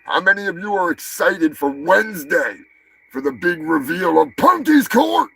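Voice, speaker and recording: A man hosting a comedy news livestream, swearing and ranting with mock anger, swinging between shouts and mutters. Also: high voice, sing-song, moderate pace, gravelly, slightly rough, poor audio. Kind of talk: crude ranting livestream banter.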